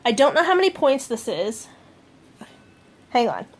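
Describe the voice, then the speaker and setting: A woman rambling casually through a home food diary vlog, often pausing with fillers and correcting herself. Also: on the high side, very animated. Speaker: vlogger.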